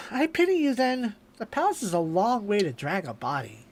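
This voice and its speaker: A man's voice: sits high, wildly swooping pitch, normal speed, heavily acted. A man reading a scornful defiant young swordswoman. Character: defiant young woman swordfighter, cold and proud. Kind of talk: reading game dialogue aloud.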